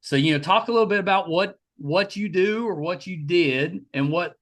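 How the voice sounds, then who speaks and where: A man's voice: sits high, normal speed, fairly bright tone. A man with a West Virginia accent hosting a podcast interview, enthusiastic and friendly. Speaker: podcast host. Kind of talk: casual interview.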